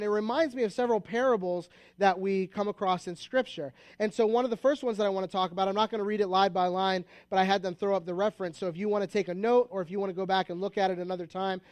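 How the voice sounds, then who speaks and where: An American pastor with a fairly high voice delivers his sermon like a relaxed story, full of asides and restarts. The sound is close and dry, with no room echo.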